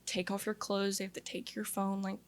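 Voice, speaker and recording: A woman's voice: medium pitch, monotone, a little fast. A young woman from Louisiana telling her personal testimony as an interview guest, in an earnest, confessional way with lots of "like" fillers.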